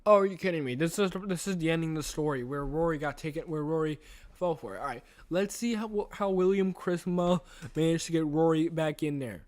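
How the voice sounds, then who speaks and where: A man's voice: on the high side, a little fast, hardly any pauses, darkish tone. A young man chatting casually and reading a novel aloud. He rambles, restarts his sentences and talks to himself.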